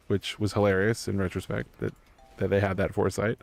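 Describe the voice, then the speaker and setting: A man's voice: on the low side, level tone, a little fast, vocal fry. A man streaming live, telling a story in a loose, rambling way with lots of fillers. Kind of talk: casual chat.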